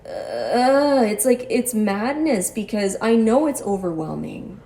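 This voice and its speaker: A woman's voice: a little high, very animated, slow pace, dark tone, slight background noise. A woman telling her own story as a patient in a personal monologue, articulate and precise, with a wry, exasperated edge. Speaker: cancer patient sharing her experience.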